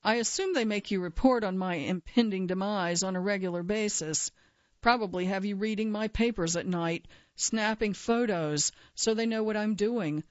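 A woman's voice: mid-range voice, normal speed, dry recording, close to an everyday voice. A suspicious, dying old judge snaps and barks his accusations, as a woman reads him aloud. The recording is dry and slightly dull. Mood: suspicious, gruff. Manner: gruff, barking, suspicious. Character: paranoid dying elderly male justice, gruff.

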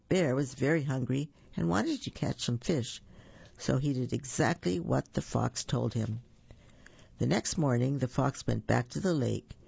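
A man's voice: mid-range voice, gravelly, a little mellow, slightly rough, no echo. A man reading storybooks aloud for children in a friendly way, correcting his slips aloud. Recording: dull lo-fi recording.

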